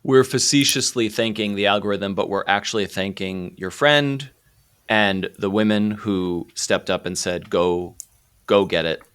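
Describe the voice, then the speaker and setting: Deep-voiced male podcast host. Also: unhurried, clear, resonant tone. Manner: reflective, casual swearing, softens when moved. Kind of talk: conversational interview.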